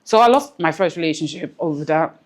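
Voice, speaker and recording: Brisk and animated, a low-voiced woman appears as an interview guest discussing something personal. Her tone is earnest and reflective, she often repeats phrases for emphasis, and occasionally she's on the verge of tears.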